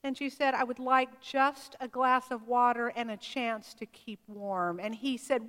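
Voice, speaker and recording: High-voiced woman telling a sermon story. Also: measured pace, hardly any pauses. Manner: animated storyteller, acting out dialogue. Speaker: preacher. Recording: long hall reverb.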